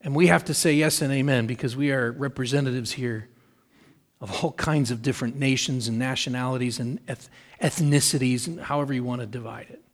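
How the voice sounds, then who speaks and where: A middle-aged man preaching a sermon in an earnest, measured way, repeating key phrases for emphasis. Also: medium pitch. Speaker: pastor.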